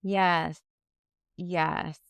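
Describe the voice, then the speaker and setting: A woman co-hosting a podcast, chatting candidly and swearing freely as she acts out arguments in quoted voices. Her voice sits a little low and sounds very clear and clean. The recording is close and dry. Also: flat delivery, extremely slow, no echo. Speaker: podcast co-host. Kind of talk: casual chat.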